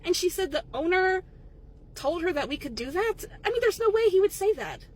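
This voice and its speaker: A woman's voice: very high-pitched, lively intonation, pitched above the performer's own voice. A woman playing an exasperated sandwich shop worker. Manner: exasperated, incredulous, talks fast when upset. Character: frazzled young female sandwich shop worker. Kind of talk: comedy skit.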